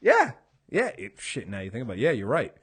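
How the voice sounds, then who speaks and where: A man's voice: mid-range voice, wildly swooping pitch, a little fast, a bit bright, slightly rough. A man co-hosting a casual TV recap podcast, swearing freely and acting out characters' lines as he talks. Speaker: podcast co-host.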